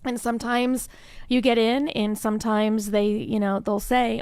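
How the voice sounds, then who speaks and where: A woman's voice: on the high side, flat delivery, measured pace, a little mellow, clean tone, no echo, studio quality. A woman guest in an interview, chatty and enthusiastic, talking with frequent "um, you know" fillers. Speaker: incubator staff member, interview guest. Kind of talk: conversational interview answer.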